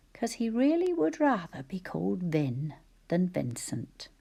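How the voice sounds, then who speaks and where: A woman teacher dictating spelling sentences slowly and carefully, often whispering the sounds and syllables of words. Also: lowish voice, vocal fry, darkish tone. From Scotland. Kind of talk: slow spelling dictation lesson.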